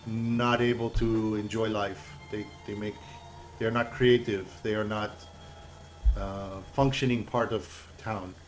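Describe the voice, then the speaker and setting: A man's voice: on the low side, lightly acted. A man playing a weary midwife in broken English. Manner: halting broken English, grave and plain.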